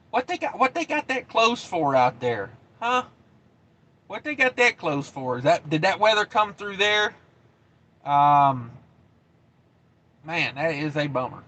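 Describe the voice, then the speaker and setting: A man's voice: on the high side, sharp tone. A man in his thirties hosting a live trucking stream, chatting casually and reading comments with a laid-back drawl and many fillers. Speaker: trucking channel host.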